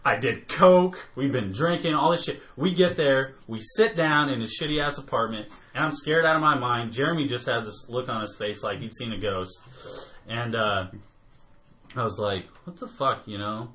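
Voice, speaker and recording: A man's voice: medium pitch, normal speed, a bit bright, slight background noise. A man telling a long story in casual chat, swearing freely and laughing as he goes. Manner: profane, laughs often while telling. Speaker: podcast co-host telling a story.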